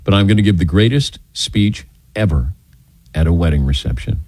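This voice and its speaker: An older man hosts a call-in radio show from a studio mic, his voice lively and swinging up and down in pitch as he acts out quoted lines. The sound is close and dry, with no room around it. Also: moderate pace, dry recording. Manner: animated storyteller, acting out quotes.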